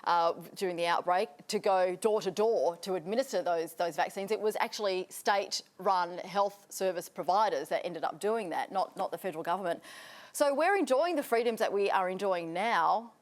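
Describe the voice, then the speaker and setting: A woman, a news presenter on a studio panel, speaking in a measured, serious way. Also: medium pitch. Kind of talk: panel discussion.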